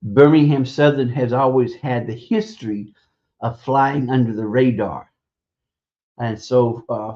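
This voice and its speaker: A man giving blunt, profane, scornful opinion commentary on a radio stream, halting and hesitant between points. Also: medium pitch. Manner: hesitant, halting delivery with drawn-out pauses. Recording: dull lo-fi stream audio.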